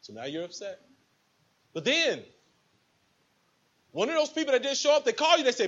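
A man's voice: fairly high pitch, big pitch swings, fairly quick, fairly bright tone, dull audio. A man giving a preachy motivational speech to a live audience, acting out little scenes with quoted voices. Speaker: motivational speaker at a business event.

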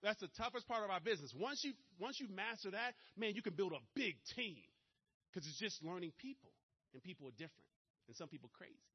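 A man with a Maryland accent giving a fast-talking, energetic motivational seminar talk straight to his audience. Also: high-pitched, husky, muffled recording. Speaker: motivational speaker at a business presentation.

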